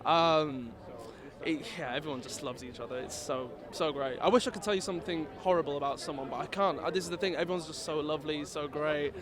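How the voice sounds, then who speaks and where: A man's voice: a little high, fairly quick. A man at an outdoor red carpet premiere, rambling and giggly, poking fun at himself. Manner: giggly, rambling, self-deprecating. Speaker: cast member. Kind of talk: casual red carpet chat. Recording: loud crowd behind.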